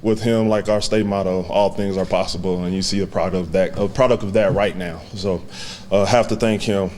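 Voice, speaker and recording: A man in his twenties giving a heartfelt, halting acceptance speech to a banquet audience, with many fillers. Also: low-pitched, steady tone, a little mellow, a little hiss or hum. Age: 20s. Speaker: hall of fame inductee giving a speech.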